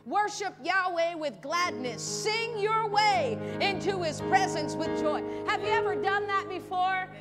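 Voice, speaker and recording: A woman pastor preaching a sermon at a church service, animated and acting out pleading voices, laughing often. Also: very high voice, measured pace, few pauses, big-room sound, loud music behind the voice.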